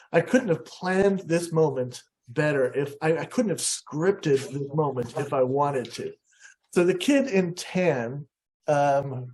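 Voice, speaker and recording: An American man with a slightly high but dark, mellow voice tells a story. He talks animatedly and leaps up in pitch to act out other people's lines. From USA. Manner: animated, acts out quotes with big pitch jumps. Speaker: guest speaker. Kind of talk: storytelling presentation.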